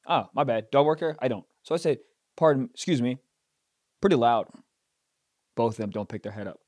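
A man on a podcast telling a comic story in casual chat, swearing and rising to loud, indignant outbursts. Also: on the high side, big pitch swings, a little fast, long pauses, no room sound, studio quality. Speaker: podcast host.

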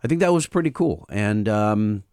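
A man's voice: fairly low pitch, animated, normal speed, a little mellow, smooth, no echo, clean studio sound. A man co-hosting a podcast in casual chat, loose and joking as he reads out the hotline number. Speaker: podcast co-host.

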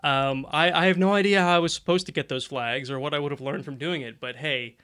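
Here a podcast co-host on a casual tech show speaks briskly and smoothly in a fairly high voice. He laughs frequently while telling his stories with lots of energy.

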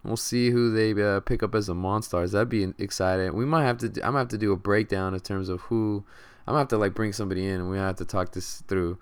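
Laid-back young man, smooth low voice. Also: fairly even intonation, fast talker. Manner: laid-back, slangy, thinks aloud with fillers. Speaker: podcast host. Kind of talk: casual sports podcast chat.

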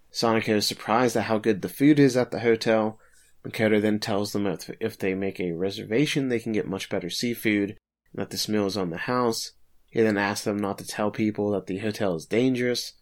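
On a podcast he co-hosts, a man briskly recaps an episode in a laid-back way, his lowish voice sprinkled with filler words and light chuckles.

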